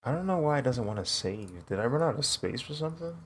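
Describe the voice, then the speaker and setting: A young man from the US chatting casually while drawing on a live stream, laid-back and quick to laugh. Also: mid-range voice, lively intonation, slight background noise. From United States. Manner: laid-back, laughs often, says "bro". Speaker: streaming artist.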